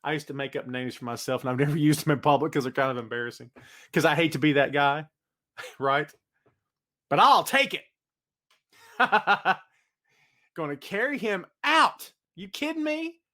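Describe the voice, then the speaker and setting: A man hosting a solo wrestling podcast, ranting with energy and reading out chat comments. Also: sits high. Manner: animated ranting, hypes predictions, reads chat comments. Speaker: podcast host. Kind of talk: solo live-stream wrestling talk.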